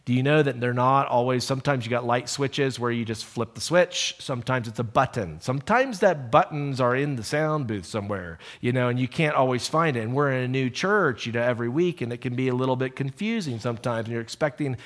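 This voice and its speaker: A middle-aged man preaching a sermon in a church, telling stories with animated energy and speaking in an earnest, hushed way as he prays. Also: mid-range voice, a little fast, few pauses. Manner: storytelling, animated in anecdotes, hushed and earnest in prayer. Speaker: pastor. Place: church auditorium.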